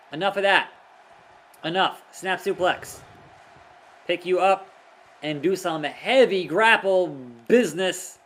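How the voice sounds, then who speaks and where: A young man playing through a wrestling video game, reading the in-game dialogue aloud and calling the action like a commentator with loud whoops. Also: high voice. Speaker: gaming YouTuber. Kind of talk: let's play commentary.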